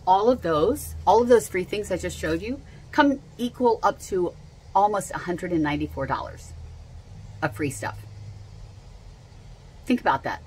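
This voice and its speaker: A woman's voice: on the low side, lively intonation, moderate pace, long pauses, a little mellow, a little hiss or hum, low-quality recording. A woman gushing enthusiastically as she unboxes and shows off products in a casual vlog at home. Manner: gushing and enthusiastic, repeats herself. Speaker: essential oils seller.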